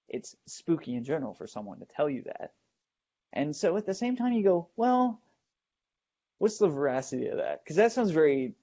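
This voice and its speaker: Man telling a spooky tale, halting. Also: medium pitch, mellow. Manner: hesitant, restarts and fillers, builds suspense. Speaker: host. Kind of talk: first-person storytelling of a ghost investigation. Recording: dull lo-fi recording.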